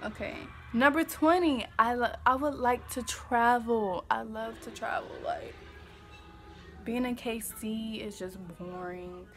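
Her pitch fairly high and a bit bright, a young woman from Kansas City, Missouri speaks slowly in a casual at-home vlog. She's sassy, goofy, and emphatic and swears freely, and faint music plays in the background.

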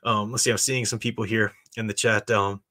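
A man's voice: fairly low pitch, flat delivery, fairly quick, sharp tone. A man hosting a live stream, talking casually and reading chat messages. He rambles with many restarts and gives blunt opinions.

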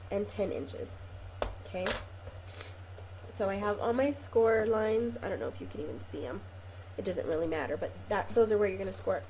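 A woman's voice: medium pitch, mellow, a little hiss or hum. A woman hosting a casual craft tutorial, chatty and rambling with frequent ums and self-corrections, a little sniffly from a cold. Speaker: craft video host.

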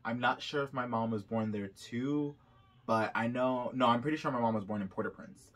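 A man's voice: medium pitch, normal speed, a bit bright. A young Haitian-American man vlogging casually, reading results aloud with chatty asides while a bit sick. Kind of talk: casual vlog reaction.

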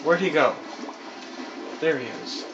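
A man doing let's play commentary, swearing constantly and yelling at the game in frustration. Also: on the high side, slow pace, dull audio, a little hiss or hum. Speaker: gaming commentator. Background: video game music and horse neighs.

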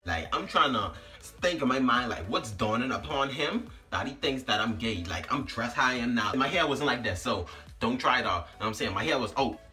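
A man casually telling a story to his vlog audience, slangy and animated, always asking "you know what I'm saying". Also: mid-range voice, a little fast, far from the mic, faint music behind.

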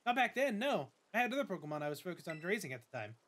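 A man's voice: high voice, very animated, very fast, a bit bright, pitched above the performer's own voice, full character voice. A man reading as an eager, battle-mad schoolgirl rival. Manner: bubbly, pushy enthusiasm. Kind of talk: reading game dialogue aloud.

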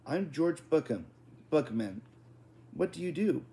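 A man playing an awkward cheerful father, repetitive greetings, mellow. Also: a little high, sing-song, unhurried, voice pushed up. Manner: repetitive, self-introducing.

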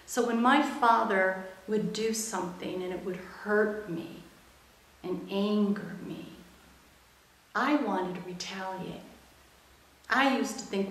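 A woman's voice: mid-range voice, measured pace. Earnest woman telling her story, echoey room. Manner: earnest, reflective, softens into quiet quoted speech. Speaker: interview guest, emotional intelligence expert. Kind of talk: personal storytelling in an interview.

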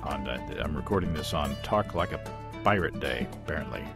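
A man's voice: extremely low pitch, expressive, a little fast, music in the background. A man hosting a homebrewing podcast, closing the episode with thanks and sponsor reads in an easygoing, folksy way. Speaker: podcast host.

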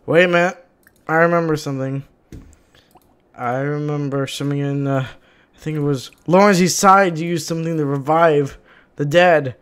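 A man giving excited gameplay commentary, exasperated and shouting at the characters on screen. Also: a little high, moderate pace, smooth. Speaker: gaming channel host.

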